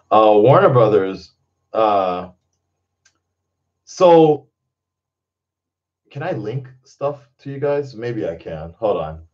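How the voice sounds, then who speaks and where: A man's voice: lowish voice, very animated, takes it slowly, long pauses, dull audio. Rambling, swearing man in casual chat. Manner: rambling, laughs often, swears freely. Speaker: channel host.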